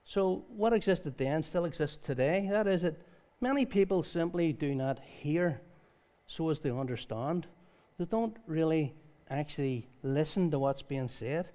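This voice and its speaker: Man preaching with a higher voice. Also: measured pace. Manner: lively storytelling, reads scripture aloud. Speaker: pastor. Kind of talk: conversational sermon. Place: church service.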